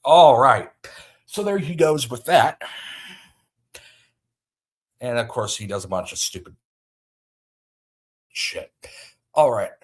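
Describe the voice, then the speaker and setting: A man's voice: medium pitch, big pitch swings, takes it slowly, pauses often. A man hosting a livestream, ranting agitatedly about a feud, with frequent restarts. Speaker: livestream host. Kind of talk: livestream commentary.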